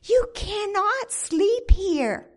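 An earnest pilgrim calls out to sleeping men, high-pitched and pleading, as a woman preacher acts him out. The voice is raised well above her usual speaking voice and is delivered unhurriedly. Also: lively intonation, very slow, heavily acted. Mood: urgent. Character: earnest male pilgrim urging sleepers onward.

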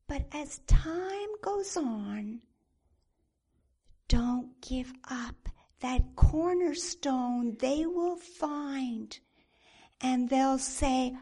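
A woman preacher tells a story in a sermon, her high voice moving slowly and deliberately. Her delivery is dramatic and expressive.

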